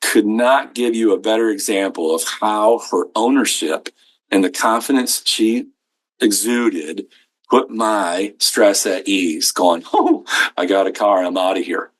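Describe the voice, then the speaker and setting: A middle-aged man with a fairly low voice runs a training session for healthcare staff. He talks in a folksy way and keeps slipping into little acted-out conversations to make his points. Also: a little slow. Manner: folksy, acts out quoted exchanges. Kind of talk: live training talk to staff.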